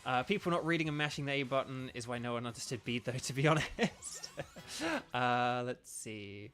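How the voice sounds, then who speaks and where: A man's voice: mid-range voice, normal speed, a bit bright. A man streaming a video game, chatting casually and rambling as he reads viewer comments aloud. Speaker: streamer and voice actor.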